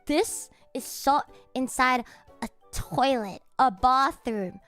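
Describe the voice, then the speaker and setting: A woman streamer chatting casually on a livestream, excitable and swearing freely, often breaking into laughter. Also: high voice, slow pace, soft background music.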